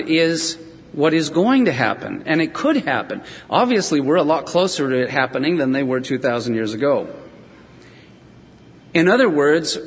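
A man with a somewhat high, husky voice preaches a sermon. He tells the stories with feeling and now and then speaks in the voices of the people in them. His words ring out in a large hall with long reverb. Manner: storytelling, acts out voices of scripture figures.

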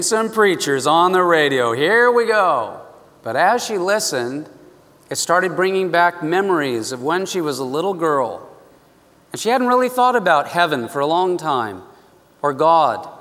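A man's voice: high voice, fairly bright tone, big-room sound. A man preaching a sermon, telling a story earnestly and with emphatic repetitions.

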